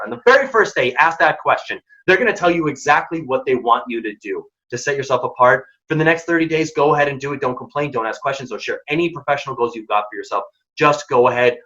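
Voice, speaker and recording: A man's voice: mid-range voice, sharp tone, dull audio. A man leading a workshop on workplace conflict, speaking directly and energetically, sometimes acting out quoted dialogue. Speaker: workshop presenter. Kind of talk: career advice talk.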